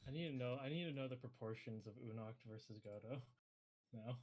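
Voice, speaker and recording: A man's voice: mid-range voice, a little fast, a little mellow, a little hiss or hum, low-quality recording. A man playing a tabletop game who narrates his character casually and mocks himself with a laugh. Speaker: player.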